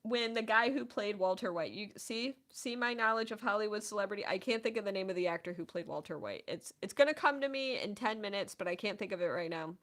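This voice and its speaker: A woman in her thirties hosting a casual chat stream, telling stories in an animated, chatty way. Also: mid-range voice, quick pace, few pauses. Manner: chatty, animated storytelling with laughs.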